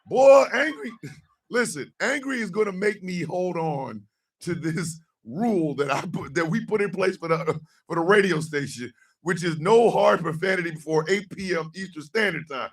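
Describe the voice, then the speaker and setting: A man hosting a radio show, joking loudly with profane rants, mock outrage and sudden shouted lines. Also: sits high, animated, normal speed, slightly rough, recorded from a distance. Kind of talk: loud comedic live-stream banter.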